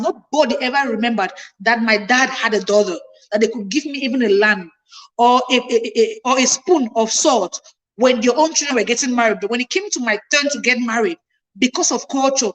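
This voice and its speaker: A woman's voice: fairly high pitch, a little fast, a bit bright, low-quality recording. A woman in her thirties telling a personal family story to her viewers, emphatic and passionate, her voice climbing when she gets indignant. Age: 30s. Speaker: livestream host.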